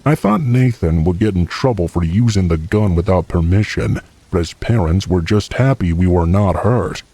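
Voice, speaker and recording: Deep, dark-toned man narrating horror. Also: lively intonation, normal speed, slightly rough, dry recording. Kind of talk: scripted horror story narration.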